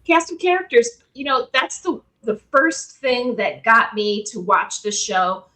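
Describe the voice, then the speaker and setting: Brief: American woman podcast co-host, slightly high pitch, easygoing and affirming. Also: lively intonation, takes it slowly, bright, forceful tone, low-quality recording. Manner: affirming, reads synopsis, chuckles. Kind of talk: casual chat.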